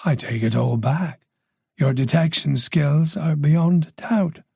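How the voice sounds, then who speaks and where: Casting: a playful, gossipy older woman with a faint Dublin lilt, read by a man, gravelly and husky. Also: fairly high pitch, takes it slowly, dark tone, no echo, studio quality, heavily acted. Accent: faint Dublin Irish. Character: chatty older Dublin-born village woman.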